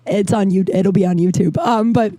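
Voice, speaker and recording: A woman in her thirties hosting her podcast, telling candid, animated stories with frequent tangents and casual swearing. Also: mid-range voice, moderate pace, no echo. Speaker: podcast host. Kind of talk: casual storytelling monologue. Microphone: desk microphone.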